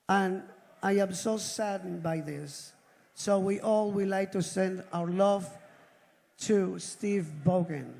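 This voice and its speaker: A man's voice: sits high, vocal fry. A man hosting an awards ceremony, effusively thanking sponsors and calling out names to a live audience. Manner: effusive, warm thanks and roll calls of names. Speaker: event organizer and host. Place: large indoor event hall. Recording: long reverb of a large event hall.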